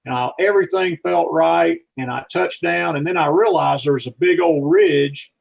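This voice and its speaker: Gravelly folksy man telling flying stories. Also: a little high, normal speed, lo-fi sound. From not from Texas. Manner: rambling, folksy, frequent restarts. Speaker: aviator and aircraft mechanic giving a talk. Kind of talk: anecdotal storytelling talk with slides.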